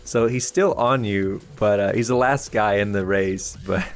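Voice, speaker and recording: A man's voice: on the low side, unhurried, soft background music. A man narrating a tabletop game as game master, often swearing and laughing through the action. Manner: laughing, profane, lively narration.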